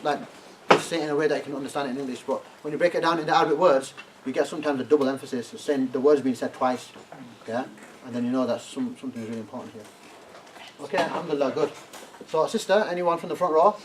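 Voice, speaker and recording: Man, classroom teacher, frequent "yeah?" check-ins, slightly raised pitch, distant mic, faint room hiss. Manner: checks in with "yeah?" often, prompts students to translate. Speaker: Arabic teacher. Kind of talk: classroom lesson.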